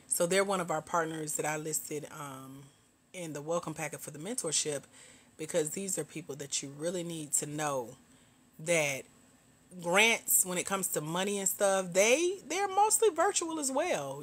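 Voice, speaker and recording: With a fairly low but fairly bright voice, this middle-aged host from Georgia in the US South chats casually with her livestream viewers. Frequent laughter fills the stream, and she addresses everyone as "girl" and "y'all."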